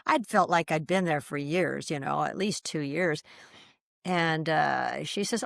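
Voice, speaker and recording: An older woman recounts a personal story as an interview guest, her voice sitting a little low for a woman. She tells it in a lively, animated way, jumping up in pitch when she acts out what others said. The sound is close and dry, with no room around it. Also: normal speed, vocal fry, no echo.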